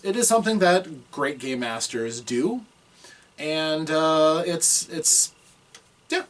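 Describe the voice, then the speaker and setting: Reaction host, man, measured and thoughtful, lively pitch, a bit off-mic. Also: far from the mic. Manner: thoughtful, measured, with pauses and restarts. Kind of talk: reaction commentary.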